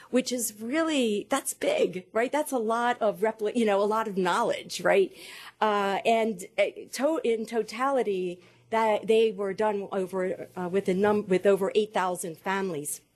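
A woman speaks at an even, mid-range pitch, presenting caregiving research as a lecture. She walks through figures step by step and breaks off briefly while she works her slides. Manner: measured, cites statistics, pauses to work slides. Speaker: dementia care researcher presenting.

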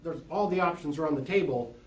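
Talking fast in a slightly high voice, a man who works as an eye doctor walks an audience through lenses and eye health with patient, down-to-earth comparisons. He's recorded in an echoing room from a distant microphone.

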